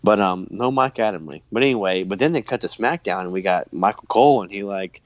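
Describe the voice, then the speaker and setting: Jokey low-voiced male podcast co-host. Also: fairly quick, no echo, lo-fi sound. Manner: jokey, animated, laughs often. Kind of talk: casual podcast chat.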